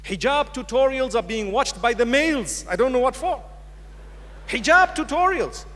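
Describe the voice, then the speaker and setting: A man's voice: very high-pitched, lively intonation, moderate pace. A man giving a public religious lecture to a live audience, speaking directly and with humor. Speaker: Islamic preacher. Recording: long hall reverb from a lecture hall.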